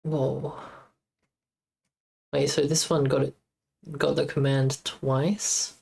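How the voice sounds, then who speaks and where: Super deep-voiced woman slowly talking thru her code on stream, kinda mumbly. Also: level tone, vocal fry, a little mellow, breathy edge. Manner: muttering to herself while debugging, halting. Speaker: game developer streamer. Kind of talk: casual live-stream coding commentary.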